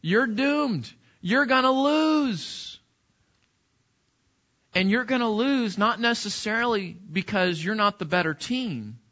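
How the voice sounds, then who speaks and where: A man's voice: sits high, animated, normal speed, few pauses, bright, forceful tone, highs cut off. A man preaching a sermon as pastor, talking to the congregation in a conversational way and asking rhetorical questions.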